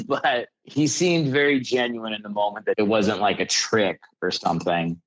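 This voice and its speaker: A man's voice: fairly low pitch, lively intonation, normal speed, fairly bright tone. A man, a comedian calling in as a guest, telling a story casually and rambling with lots of filler words. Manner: rambling, heavy use of "like" fillers. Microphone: calling in remotely. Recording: dull lo-fi call-in audio.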